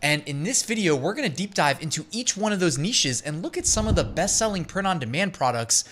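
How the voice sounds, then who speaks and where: A man's voice: sits high, animated, a little fast, a bit bright, slight background noise. A man hosting a casual online business tutorial, chatty and upbeat, laughing easily as he talks. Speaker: host.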